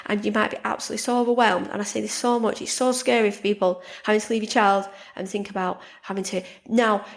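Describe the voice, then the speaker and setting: A woman hosting a podcast, talking casually and warmly about her own life, often repeating words and restarting sentences. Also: mid-range voice, little pitch movement, fast, vocal fry. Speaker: podcast host and life coach. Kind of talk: casual monologue.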